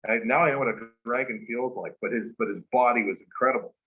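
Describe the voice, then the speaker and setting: A man, a guest, casually telling a long story, animated and full of fillers. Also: mid-range voice, fast talker. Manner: animated retelling with many fillers. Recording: dull lo-fi recording.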